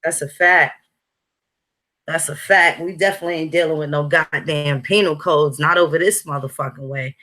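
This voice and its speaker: A woman's voice: sits low, normal speed, bright, forceful tone. A woman hosting a casual conversation, talking bluntly with heavy cursing and strong emphasis. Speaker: host.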